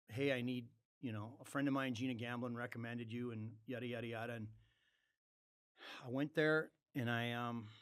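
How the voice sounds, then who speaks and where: A man telling a long story as a podcast guest, acting out the dialogue of others and swearing freely. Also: mid-range voice. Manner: animated, acts out quoted dialogue, swears freely. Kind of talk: casual storytelling.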